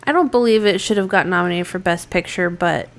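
Relaxed woman chatting on a podcast. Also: fairly low pitch, brisk. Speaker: podcast co-host. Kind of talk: casual podcast chat.

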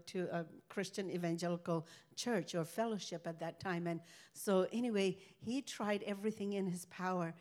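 A woman's voice: on the low side, darkish tone. Rambling older woman sharing testimony. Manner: rambling, halting storytelling. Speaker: ministry speaker. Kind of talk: personal faith testimony.

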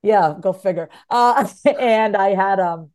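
Woman author being interviewed, open and emotional, soft mellow tone. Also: medium pitch, takes it slowly. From United States. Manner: candid and emotional, swings from tearful to laughing. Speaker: podcast guest, author. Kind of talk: candid interview conversation.

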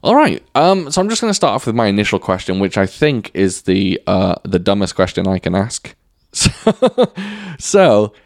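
Lively-pitched man asking tentative questions. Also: moderate pace, vocal fry, dry recording, clean studio sound. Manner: tentative, self-deprecating, many fillers. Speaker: interviewer. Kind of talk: interview questions.

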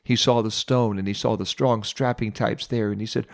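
A preacher retelling a Bible story in a sermon, dramatic and expressive, with pauses and emphatic repetition. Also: male voice, lowish voice, vocal fry.

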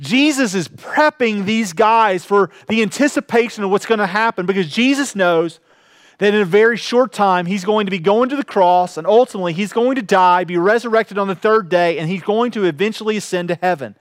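A man preaching a sermon in a relaxed, conversational way, paraphrasing scripture with frequent "uh" fillers. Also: high-pitched, a little fast, no echo. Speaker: pastor.

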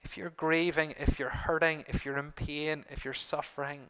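Earnest man preaching, slightly high voice. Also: level tone, sharp tone, clean tone. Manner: earnest, with repeated phrases and emphatic pauses. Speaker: pastor. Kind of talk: sermon.

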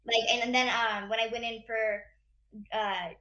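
A woman's voice: a little high, steady tone, normal speed, pushed and bright, dull audio. A woman interviewed about her acting work, talking in a bubbly, gushing way with lots of fillers. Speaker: actress being interviewed. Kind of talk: casual interview chat.

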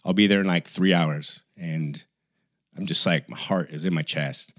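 Low-voiced man telling a story. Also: normal speed, no room sound, clean studio sound. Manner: animated storyteller acting out quoted voices. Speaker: podcast co-host. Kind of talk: casual storytelling chat.

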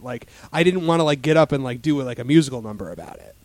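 A man's voice: on the high side, fast, no echo. A man in casual chat as a podcast host, rambling with lots of fillers and restarts.

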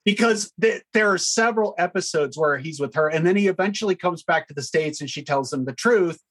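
Casting: sardonic podcast co-host, relaxed chat, mid pitch. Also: a little fast. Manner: mocking, animated. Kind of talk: casual chat.

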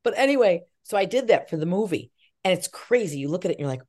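Middle-aged actress, lowish voice, animated storyteller, interview chat. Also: female voice, rapid-fire. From Irish Catholic family. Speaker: actress and filmmaker.

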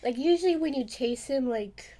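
A woman's voice: high-pitched, mellow. A woman co-hosting a podcast in casual chat, giggling often between remarks. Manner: giggly, drawn-out delivery. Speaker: podcast co-host.

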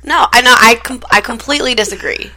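A woman's voice: a little high, quick pace, sharp tone, faint music behind. A woman co-hosting a casual podcast, arguing her side firmly. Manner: argumentative, stands her ground. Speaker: podcast co-host. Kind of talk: casual wrestling chat.

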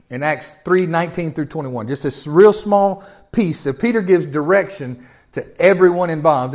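A male pastor with a slightly high voice preaches in a conversational, storytelling style, frequently repeating words and rising in sudden swells.

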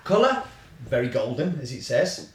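Teasing podcast host, lively voice. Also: male voice, medium pitch, moderate pace, recorded from a distance, slight background noise. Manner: jokey, teasing, reads labels aloud. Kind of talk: casual chat. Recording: roomy sound, a bit off-mic.

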